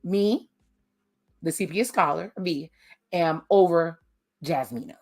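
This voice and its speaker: A young woman with a lowish voice recaps a reality show at home. She is sassy and animated, full of slang, and she acts out her reactions in mock quotes. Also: slow. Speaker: TV recap vlogger. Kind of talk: casual TV review.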